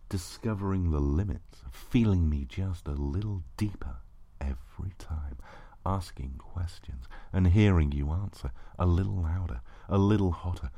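A man narrating an intimate erotic audio story in a slow, hushed voice that often drops to a breathy whisper. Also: low voice, dry recording.

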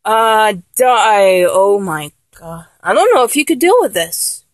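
A woman's voice: mid-range voice, very animated, slow pace, dry recording. A woman playing a flustered young lover who keeps trying and failing to act dominant, in a comedic audio role-play, talking in an exasperated, self-correcting way.

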